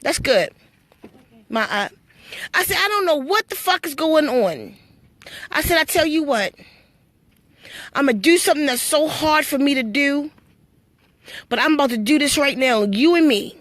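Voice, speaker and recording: A woman's voice: high-pitched, animated, normal speed, pauses often, bright, forceful tone, no room sound. A woman telling her spiritual story to live-stream viewers, blunt and full of swearing, preachy and storytelling. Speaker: livestream host.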